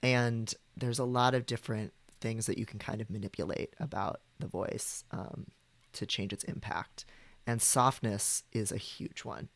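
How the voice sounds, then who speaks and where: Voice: mid-range voice, steady tone, unhurried, no echo. A streamer chatting casually with viewers, rambling with frequent ums and likes.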